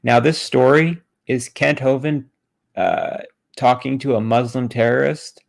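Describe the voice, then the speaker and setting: Deadpan, mocking male streamer. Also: medium pitch, measured pace, creaky. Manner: mocking, deadpan asides, frequent restarts. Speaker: streamer reading a book aloud. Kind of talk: sarcastic live-stream commentary.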